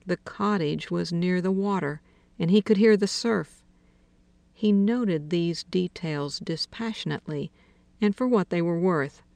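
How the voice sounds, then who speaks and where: A woman narrates a literary story at an unhurried, deliberate pace. Her voice sits low and carries a gravelly fry. The recording is close and dry, with no room sound. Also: dry recording. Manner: slow, measured reading, softening to a hush for intimate dialogue. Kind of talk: audiobook narration of literary fiction.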